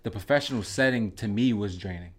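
Young Philly guest, lowish voice, hesitant, halting delivery. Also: male voice. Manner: hesitant, many fillers and restarts. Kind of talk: casual conversation.

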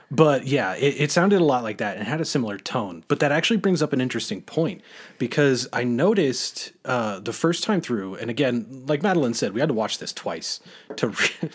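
A man's voice: mid-range voice, lively intonation, normal speed, breathy edge. A man co-hosting a podcast in casual chat, rambling and self-deprecating, laughing often. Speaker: podcast co-host.

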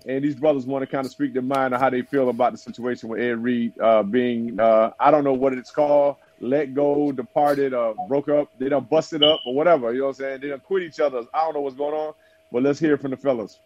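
A man's voice: medium pitch, steady tone, brisk, darkish tone, dry recording. A man hosting a casual call-in chat over his cell phone, loose and teasing with his guests. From South Florida. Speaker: host. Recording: dull lo-fi phone audio.

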